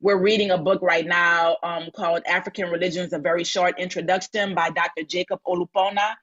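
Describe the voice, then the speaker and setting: A woman's voice: lowish voice, little pitch movement, brisk, a bit bright. Woman from new orleans gushing and rambling on a phone audio chat, kinda muffled lo-fi sound. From New Orleans, USA. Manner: effusive, rambling storyteller with many restarts. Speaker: audience speaker on a live audio chat. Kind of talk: casual chat. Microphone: phone in an audio-chat app. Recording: lo-fi online audio-room sound.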